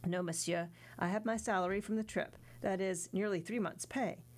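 A woman's voice: medium pitch, steady tone, normal speed, close to an everyday voice. A woman reading the part of an earnest young male sailor in an audiobook, respectful and sincere.

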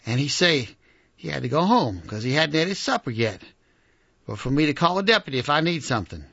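A man with a drawl reads a first-person story in character, his speech halting, earnest and plain. His voice is gravelly and a bit husky and runs on the high side, with a pitch that rises and falls a lot. It comes through on a dull, lo-fi recording. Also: big pitch swings, fairly bright tone, no echo.

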